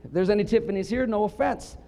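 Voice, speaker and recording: A middle-aged man preaching a sermon, telling funny stories with punchlines and building up to emphatic shouts. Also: high voice, quick pace, vocal fry. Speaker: pastor.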